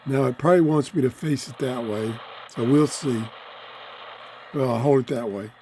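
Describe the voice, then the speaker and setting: A man with a voice going hoarse, chatting excitedly as he tries out a small radio in his home office. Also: medium pitch, moderate pace, a little hiss or hum. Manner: chatty, easily excited, talks while fiddling. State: losing his voice, throat-clearing. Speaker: radio reviewer. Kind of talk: casual hands-on product review. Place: home office full of electronics.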